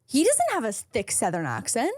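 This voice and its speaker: A woman co-hosting a podcast in casual, animated chat, swearing casually now and then. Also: on the high side, normal speed, no room sound, studio quality. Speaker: podcast co-host.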